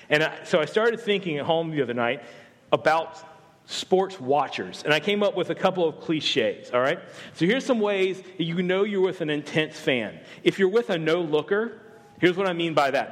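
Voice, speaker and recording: A fairly high-voiced man from the American South preaches a light, joking sermon, chatting with his congregation and poking fun at himself. His voice carries a long reverb from the church sanctuary. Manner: joking, conversational, self-deprecating. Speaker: campus pastor. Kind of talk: humorous sermon.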